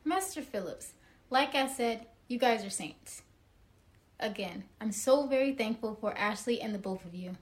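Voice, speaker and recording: Grateful young woman, polite and effusive; actress, a touch higher-pitched. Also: animated, moderate pace, close to an everyday voice. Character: grateful young woman Tiffany, newly converted. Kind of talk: audio drama acting.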